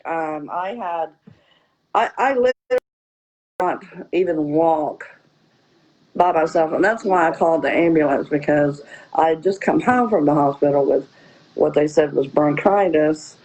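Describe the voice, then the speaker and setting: A woman's voice: low-pitched, normal speed, warm tone, low-quality recording. A woman telling her own story in a casual interview, rambling with many "you know" fillers. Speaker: guest.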